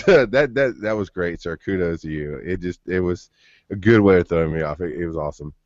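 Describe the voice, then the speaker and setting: A man's voice: sits low, brisk, darkish tone, no echo. A man in his thirties hosting a podcast, telling long personal stories with many restarts. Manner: rambling storyteller with frequent restarts. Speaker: podcast host. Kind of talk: casual chat. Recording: dull lo-fi podcast audio.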